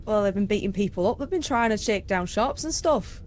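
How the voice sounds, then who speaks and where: A woman's voice: medium pitch, expressive, a little fast. A woman playing in a tabletop game, chatting casually and teasing. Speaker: player.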